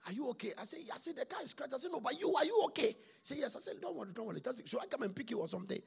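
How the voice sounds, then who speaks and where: A man preaching a sermon on marriage, telling stories dramatically, acting out quarrels, and swinging from hushed tones to shouting. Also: extremely high pitch, very animated, racing, creaky, slightly rough.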